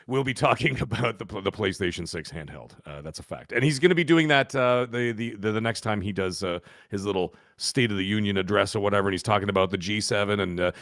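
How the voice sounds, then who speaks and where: A man's voice: on the low side, a bit bright, dry recording, clean studio sound. A man co-hosting a gaming podcast, chatting casually, rambling and joking with repeated words. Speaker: podcast co-host.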